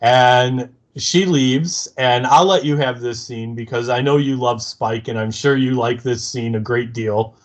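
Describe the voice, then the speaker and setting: A man's voice: medium pitch, unhurried, hardly any pauses. A man co-hosting a podcast, recapping a TV episode in a chatty way with easy laughs. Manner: chatty, laughing easily, hesitant fillers. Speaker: podcast co-host.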